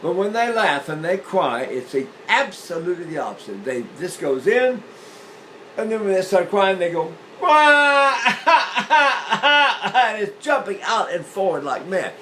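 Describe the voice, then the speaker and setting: Older man teaching voice, lively and demonstrative. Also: high-pitched, moderate pace, slight background noise, poor audio. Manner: animated, illustrating points with sung demonstrations; repeats and restarts phrases while explaining. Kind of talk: demonstrative vocal lesson.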